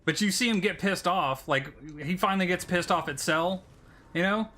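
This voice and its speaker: A man chats loosely while streaming a game, rambling from joke to joke. His voice is bright and sits high for a man. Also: normal speed. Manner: rambling, joking. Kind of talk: casual gaming chat.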